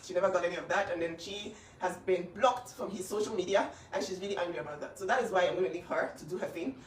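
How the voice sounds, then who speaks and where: A woman's voice: on the low side, fast, roomy sound, recorded from a distance, slight background noise. A woman speaking up for her younger sister in an emphatic, insistent casual talk. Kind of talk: emotional casual talk to camera.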